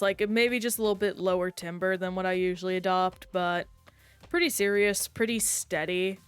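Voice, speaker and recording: A woman streamer in casual, chatty conversation while playing a game, reacting aloud in an animated way. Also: mid-range voice, moderate pace, clean tone, soft background music. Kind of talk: casual gameplay chat.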